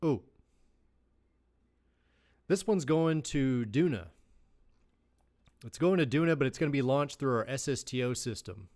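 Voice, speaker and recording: A man's voice: medium pitch, expressive, moderate pace. A man streaming a space-building game live, thinking aloud as he works and chatting with viewers. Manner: thinks aloud, chats with viewers, bursts into loud mock shouting. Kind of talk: casual live-stream gameplay commentary.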